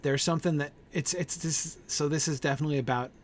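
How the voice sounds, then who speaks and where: A man's voice: on the high side, steady tone, fast talker, a little hiss or hum. A man leading an informal Bible study group. He thinks aloud with many fillers, keeps checking in with "right?", and answers group members by name.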